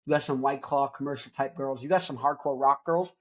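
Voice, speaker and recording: A young man hosting a rock show, joking and rambling loudly, with crude asides. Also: medium pitch, steady tone, a little fast. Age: young adult. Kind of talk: rambling comedic music talk.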